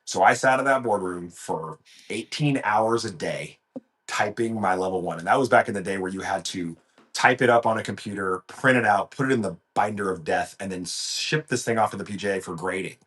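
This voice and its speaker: Man, podcast guest, casual storytelling, frequent restarts, deep voice. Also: a little fast, fairly bright tone. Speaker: golf professional, podcast guest.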